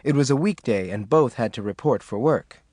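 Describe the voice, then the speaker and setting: A man narrating an audiobook with expressive scripted reading. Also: medium pitch, moderate pace, dry recording, clean studio sound.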